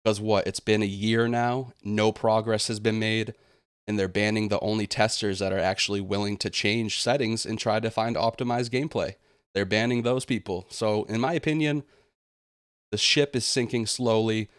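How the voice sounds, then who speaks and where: A man's voice: fairly low pitch, fairly even intonation, normal speed, clean tone, no echo, studio quality. A young man venting in a vlog monologue, aggrieved and indignant, slipping into sarcastic mocking quotes. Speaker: gaming channel host.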